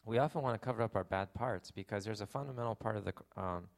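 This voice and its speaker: A man's voice: fairly low pitch, fast. Chatty man preaching a sermon. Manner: conversational, self-deprecating humor with lots of fillers. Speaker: pastor.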